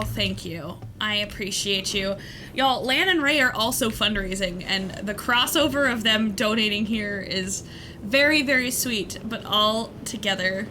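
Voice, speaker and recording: In a sharp-toned, mid-range voice, a woman plays a game on a charity stream and casually, playfully thanks the people donating, laughing as she goes. A little hiss or hum sits under the audio.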